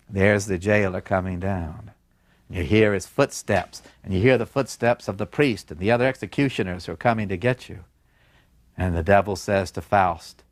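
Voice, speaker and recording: A man's voice: deep voice, moderate pace, no echo, studio quality. A man retelling a classic story dramatically, acting out the scenes as he narrates. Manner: lively, acts out scenes.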